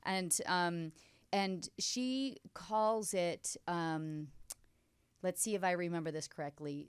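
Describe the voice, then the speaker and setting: Woman guest, opinionated and emphatic, low smooth voice, dry studio mic. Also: slow, no room sound. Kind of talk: casual chat. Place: radio studio.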